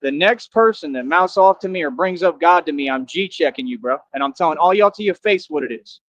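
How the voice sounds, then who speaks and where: Brash fast-talking man ranting on stream. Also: fairly high pitch, animated, a bit bright, no echo, poor audio. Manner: brash, confrontational, slangy trash talk. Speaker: livestreamer. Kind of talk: boastful livestream rant.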